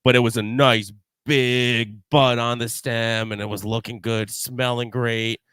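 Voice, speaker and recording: A man in his thirties co-hosting a podcast, telling a story in casual chat and getting loud and excited. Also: measured pace, smooth, no echo, studio quality. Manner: animated storyteller, pitch jumping up when excited. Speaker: podcast co-host.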